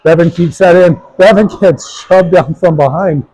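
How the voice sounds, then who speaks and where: A man doing play-by-play for a youth hockey game, brisk and joking, reading sponsor spots between plays. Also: sits high, a little mellow, breathy edge, low-quality recording. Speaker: play-by-play commentator.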